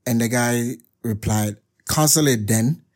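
Hosting his podcast at a measured pace, a young man reads texts aloud and comments casually, often cracking up with loud, high laughs.

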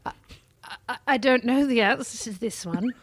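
A woman's voice: fairly high pitch, normal speed, lightly acted. Woman playing a prim, meek little ghost boy. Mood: shy. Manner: quaint formal phrasing, polite and meek. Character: ghostly small boy, prim, old-fashioned, timid. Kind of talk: improvised comedy character.

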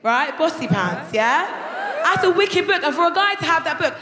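A young woman performing a loud, brash stand-up comedy routine on a theatre stage, breaking into shouts as she tells her story. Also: very high voice, expressive, moderate pace, crowd noise. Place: theatre stage before a live audience. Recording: echoey hall with loud audience laughter.

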